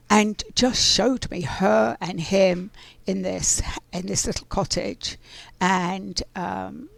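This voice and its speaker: A woman in middle age tells a spiritual story to her audience, drifting from thought to thought with plenty of ums and restarts. Her voice carries a strong gravelly fry at an ordinary pitch. The recording is close and dry, with no room sound. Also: no room sound. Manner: rambling, many fillers and restarts. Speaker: oracle card reader.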